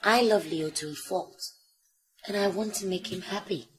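A woman's voice: mid-range voice, moderate pace, a little hiss or hum, natural voice, low-quality recording. An actress with a Nigerian accent playing a devoted young female student in love, earnest in tone and dropping into Pidgin at times. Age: young adult. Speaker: university student. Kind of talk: Nollywood film acting.

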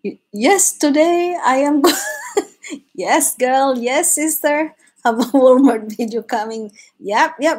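A woman chats with her live-stream viewers while she draws, in a husky, slightly high voice. She talks slowly and easily, laughing often and starting sentences over. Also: a little mellow, low-quality recording. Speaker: host of a live drawing stream. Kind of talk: casual live-stream chat while drawing.

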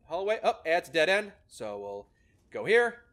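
Lively high-voiced man explaining gameplay. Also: measured pace. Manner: explanatory, upbeat, laughs often. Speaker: host explaining a maze algorithm in a game. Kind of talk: casual gameplay commentary.

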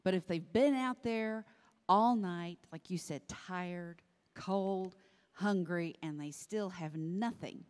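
A woman's voice: fairly low pitch, takes it slowly, clear, resonant tone. A woman co-leading a Bible discussion, thoughtful, and retelling scripture scenes vividly. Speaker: co-host of Bible study. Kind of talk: conversational Bible teaching.

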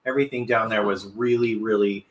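A man's voice: medium pitch, expressive, a little fast, pushed and bright, reverberant. A middle-aged man hosting a live cooking stream from his home kitchen, upbeat and chatty, reading viewer comments aloud. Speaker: cooking show host.

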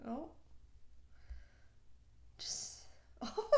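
A woman's voice: a little high, takes it slowly, long pauses, darkish tone. A woman hosting a casual reaction video, gushing over animal clips with lots of exclamations and giggles. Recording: roomy echo.

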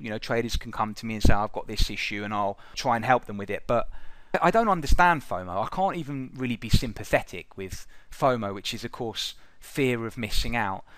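A man's voice: lowish voice, no room sound. Brief: man, middle-aged, swears freely, mocks trader mistakes, dry close mic. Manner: profane, exasperated, mocking. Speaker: trading educator. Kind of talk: blunt trading commentary over charts.

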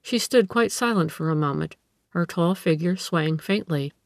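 Woman narrating a classic story, lowish voice. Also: animated, moderate pace, no echo, clean studio sound. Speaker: audiobook reader.

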